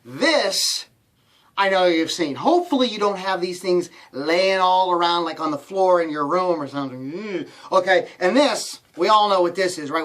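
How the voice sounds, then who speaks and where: A middle-aged man coaches his viewers straight into the camera. His voice leaps and drops all over as he jokes, keeping a playful, animated sales energy. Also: high-pitched, brisk. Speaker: online business coach. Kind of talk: direct-to-camera motivational vlog.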